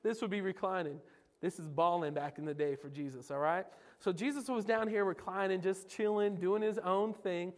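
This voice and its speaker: Man, youth pastor, lively jokey sermon, fairly high voice, long hall echo. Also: moderate pace. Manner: animated, jokey, asks the audience questions. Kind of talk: informal sermon.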